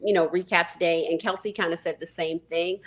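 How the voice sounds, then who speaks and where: A woman's voice: on the low side, steady tone, fairly quick. A woman co-hosting a live podcast, chatting casually and sharing her own experience. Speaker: podcast co-host.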